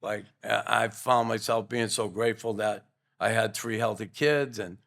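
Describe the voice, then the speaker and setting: A man's voice: lowish voice, fairly even intonation, normal speed, gravelly, fairly bright tone. An older man, a podcast guest, telling earnest, rambling stories in a casual interview. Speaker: guest, former pro hockey player.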